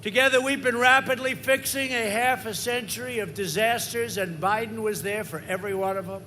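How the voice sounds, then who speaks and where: Older man, rally speech, bright tense voice, high-pitched, repetitive and rambling. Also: a little fast, a little hiss or hum. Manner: repetitive, rambling, swings to loud emphasis. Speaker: politician at a rally. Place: large campaign rally.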